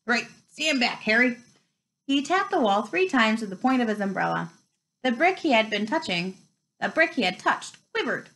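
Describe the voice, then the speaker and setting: A woman's voice: fairly high pitch, very animated, moderate pace, a bit bright, rough recording. A woman reading a children's novel aloud, telling the story expressively. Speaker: reader.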